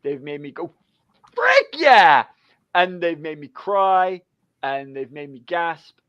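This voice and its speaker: Excitable guy gushing about a book, kinda high voice, dull lo-fi call audio, dry. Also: unhurried, smooth, dry recording. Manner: animated, laughing storyteller who acts out quotes. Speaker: book club co-host. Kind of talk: casual book chat.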